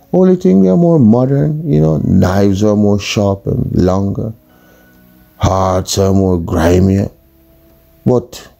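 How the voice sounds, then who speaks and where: A man's voice: fairly low pitch, creaky, warm tone. A man with a Jamaican accent telling a true crime story in a casual, colourful, conversational way.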